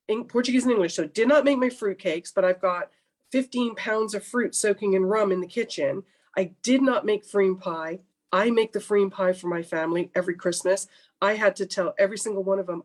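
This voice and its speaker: Animated woman telling her story. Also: mid-range voice. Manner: animated, acts out her own past remarks. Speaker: coaching client. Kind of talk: candid storytelling interview.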